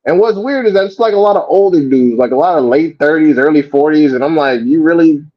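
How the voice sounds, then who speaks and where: Man, stream host, casual profane rant, animated, fairly high voice, dull lo-fi audio. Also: fast. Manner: animated, profane, mocks others in quoted voices.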